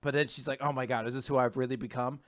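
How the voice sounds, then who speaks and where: A man co-hosting a casual recap podcast, animated and laughing often, acting out characters' lines in exaggerated voices. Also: medium pitch, very fast. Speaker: podcast co-host.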